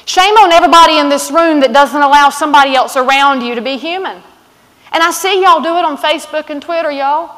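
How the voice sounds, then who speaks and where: Outspoken Southern woman keynote speaker, high-pitched, with long stage reverb. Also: a little fast, a bit bright. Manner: blunt, outspoken, folksy. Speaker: conference speaker. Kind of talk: fiery motivational keynote. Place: large conference hall.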